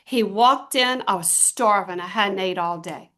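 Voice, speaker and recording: A middle-aged woman giving a motivational talk to a small group, telling stories with emphatic, drawn-out stresses. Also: medium pitch, fairly bright tone. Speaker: team trainer.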